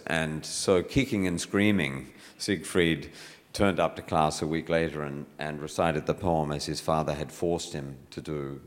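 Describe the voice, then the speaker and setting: Deep-voiced Australian man, hall reverb. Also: fairly even intonation, normal speed. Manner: reflective storyteller, many fillers and restarts. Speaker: poet speaking at a public talk. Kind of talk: conversational talk to a live audience. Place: university lecture hall. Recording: hall reverb, live event.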